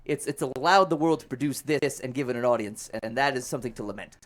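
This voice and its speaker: Male podcast host, rapid-fire, joking game-show banter. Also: medium pitch. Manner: fast, joking, laughs often. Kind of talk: casual comedic chat. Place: small studio.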